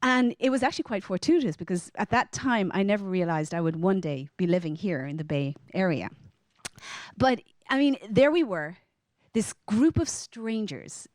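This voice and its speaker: A middle-aged woman with an Irish accent, telling a personal story to a live audience in a lively, animated way. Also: no echo. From Ireland. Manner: lively, animated, acts out quoted lines in a higher voice.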